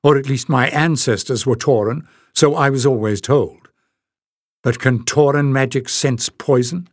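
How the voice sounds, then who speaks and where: A man reading aloud, voicing a calm, weary woman leader in a storybook with little change to his own voice. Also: medium pitch, unhurried, dry recording, studio quality, lightly acted. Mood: puzzled.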